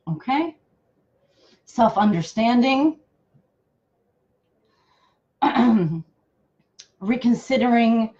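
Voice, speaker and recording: A woman reads cards for her live viewers in a slow, unhurried way, her voice sitting fairly high. She is affectionate and halting, full of fillers and restarts. The audio is dull and lo-fi. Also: darkish tone. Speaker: intuitive card reader. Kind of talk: live card reading for viewers.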